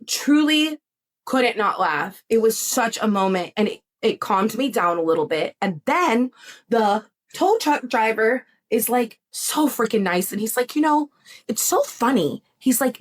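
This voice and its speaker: A young woman who works as a psychic medium is a guest on a podcast, telling a story in casual conversation. She's animated and laughing, imitating other people's voices, and her pitch sits a little high.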